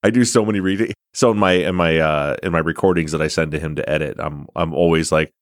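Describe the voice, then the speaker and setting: A man's voice: low voice, lively intonation, fast talker, hardly any pauses, dry recording, studio quality. An American man hosting a podcast interview, chatty and rambling, laughing often as he tells stories. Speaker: podcast host. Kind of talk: casual interview chat.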